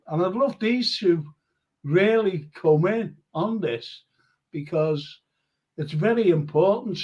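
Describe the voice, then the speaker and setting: A man hosting a live fan show in casual chat, talking warmly with guests, laughing often and reading viewer comments aloud. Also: high voice. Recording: muffled lo-fi live-stream audio.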